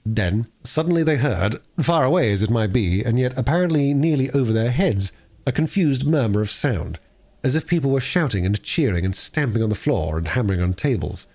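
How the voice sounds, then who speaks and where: Male reader, cold-read classic novel, animated swooping delivery, mid pitch. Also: a little fast. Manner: lively, expressive storytelling with small slips. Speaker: audiobook reader.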